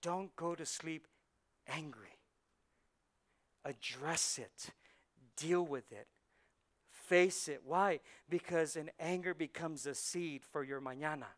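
A male pastor preaching a sermon, moving between hushed, intense passages and loud, driving preaching, and slipping Spanish words into his English. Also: on the high side, takes it slowly, long pauses. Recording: church sermon on a live mic.

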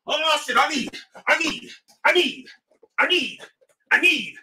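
A man voicing a frantic, greedy broke sneakerhead who pleads over and over in a high, breathless voice. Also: lively intonation, measured pace, pushed and bright, recorded from a distance, slight background noise, heavily acted. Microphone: livestream mic.

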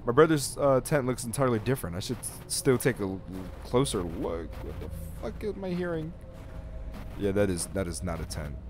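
A man's voice: lowish voice, fairly quick, few pauses, heavy background noise. A young man chatting and joking through a horror game for his viewers, swearing now and then. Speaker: gaming youtuber. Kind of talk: let's play commentary.

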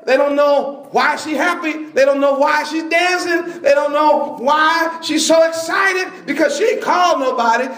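A man preaching a sermon, telling a story with bursts of shouting and laughter. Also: extremely high pitch, echoey room.

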